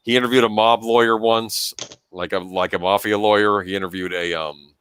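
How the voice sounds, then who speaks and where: Low-voiced man, dry and reassuring. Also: fairly even intonation, a little fast, a bit bright, clean tone, dry recording. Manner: reassuring, checks in with "okay" often. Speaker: podcast host. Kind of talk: casual podcast chat.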